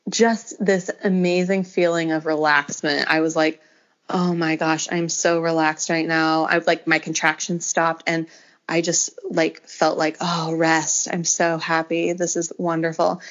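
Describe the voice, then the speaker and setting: A woman's voice: low-pitched, flat delivery, a little slow, fairly bright tone. A young woman telling her story as a guest in a casual interview, talking with lots of fillers. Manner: chatty storytelling, many fillers. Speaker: podcast guest. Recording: slightly dull lo-fi audio.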